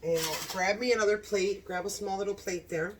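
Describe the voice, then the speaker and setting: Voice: mid-range voice, fairly even intonation, fairly quick, far from the mic, a little hiss or hum. A home cooking channel host in a casual cooking vlog, gushing with enthusiasm about the food, recorded in a home kitchen.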